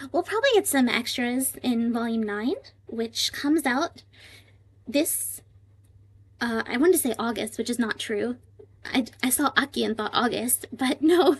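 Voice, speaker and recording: A woman streaming live, thinking aloud as she translates, with many fillers and emotional asides. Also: a little high. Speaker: livestream translator. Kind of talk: casual live-stream chat.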